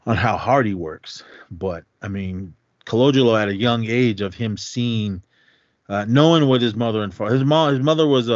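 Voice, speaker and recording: Podcast co-host, male, from Oakland, lowish voice, rambling and upbeat, dry dull-sounding mic. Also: dry recording. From Oakland, California. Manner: rambling, enthusiastic, laughs often. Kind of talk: casual movie review chat.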